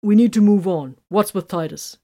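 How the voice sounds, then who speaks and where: A woman's voice: mid-range voice, lively intonation, normal speed, dark tone, close to an everyday voice. A woman voicing a polite but stern male soldier who raises his voice to get order, in a storybook reading.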